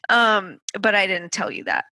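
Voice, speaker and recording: A woman's voice: medium pitch, expressive, normal speed, bright, forceful tone, dry recording. A woman co-hosting a podcast in casual chat, candid and self-mocking, laughing often. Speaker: podcast co-host.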